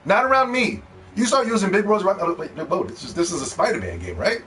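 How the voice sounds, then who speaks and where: A man streaming live, ranting loudly and mockingly at a game review, with plenty of profanity. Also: sits high, sing-song, fast, far from the mic, slight background noise. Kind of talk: live-stream reaction rant.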